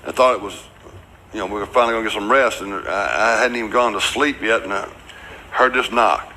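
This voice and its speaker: An older man telling a story in a documentary interview, rambling and restarting, with loud quoted outbursts. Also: fairly low pitch, a little fast, slight background noise, low-quality recording. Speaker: interviewee recalling past events.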